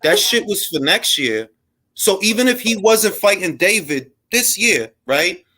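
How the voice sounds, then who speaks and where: A man's voice: high voice, big pitch swings, unhurried, sharp tone. A man hosting a live boxing talk stream, brash and full of slang and trash talk. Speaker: boxing talk show host. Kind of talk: casual live-stream chat.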